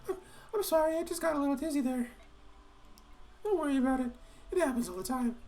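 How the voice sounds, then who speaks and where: A man voicing a frail, shy young woman in a meek falsetto while reading game dialogue aloud. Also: expressive, fast talker, darkish tone, slight background noise.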